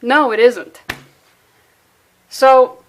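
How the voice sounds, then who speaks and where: A woman's voice: high-pitched, steady tone, very slow. A woman reviewing a comic book in a sarcastic, exasperated way, swearing freely and using valley-girl phrasing.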